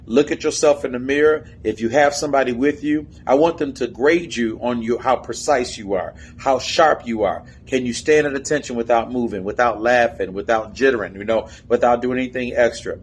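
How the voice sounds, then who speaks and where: A man's voice: mid-range voice, fairly quick, hardly any pauses, slight background noise. A man coaching a step team in an instructional video, counting and chanting the beat while he demonstrates. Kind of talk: instructional video teaching drills.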